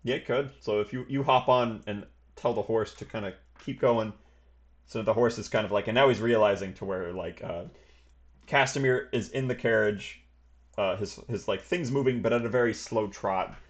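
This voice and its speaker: A man's voice: lowish voice, moderate pace. A man narrating as game master for a tabletop game, rambling and stringing his descriptions together with many fillers and hedges.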